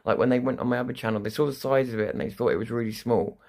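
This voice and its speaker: A man's voice: medium pitch, rapid-fire, creaky, a little mellow. A man hosting a live stream, talking in a rambling way, restarting sentences and swearing freely. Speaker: livestream news host. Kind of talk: casual live-stream monologue.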